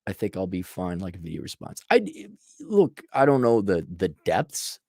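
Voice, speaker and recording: A man's voice: deep voice, wildly swooping pitch, moderate pace, darkish tone, no echo, studio quality. A man giving blunt, profane life advice in a sarcastic monologue.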